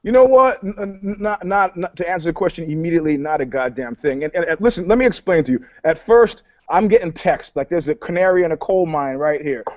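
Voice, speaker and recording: A man from New York co-hosting a casual talk show, telling stories in a profane, animated way and acting out the dialogue. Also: a little high, fairly quick, few pauses, no echo, lo-fi sound. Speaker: podcast co-host, PR commentator.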